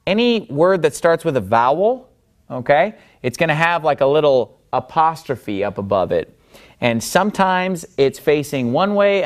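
Man teaching a language lesson at a board. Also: mid-range voice. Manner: explanatory, slows down and stresses syllables when modeling words.

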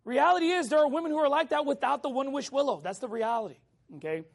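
A middle-aged male pastor preaching a sermon in a casual, animated way, telling a personal story and keeping in touch with his listeners. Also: very high voice, quick pace, gravelly.

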